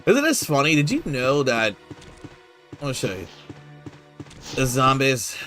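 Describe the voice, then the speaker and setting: Male streamer, mid-pitched, loose rambling commentary over faint game music. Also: huge pitch swings, slow pace, a bit bright. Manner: rambling, laid-back, many fillers, casual swearing. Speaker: gameplay streamer. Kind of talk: casual gameplay commentary.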